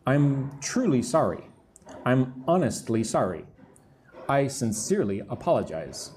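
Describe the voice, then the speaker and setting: A man teaching a live English lesson, who explains words slowly and checks in with the class, with construction noise near his room. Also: medium pitch, big pitch swings, a little mellow. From lives in Vietnam.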